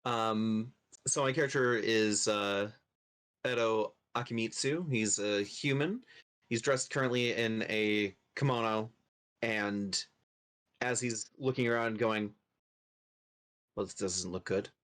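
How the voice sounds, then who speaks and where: A man's voice: fairly low pitch, takes it slowly, fairly bright tone, clear, resonant tone. Hesitant man at the game table. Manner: hesitant, full of ums. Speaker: player. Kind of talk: casual tabletop game play.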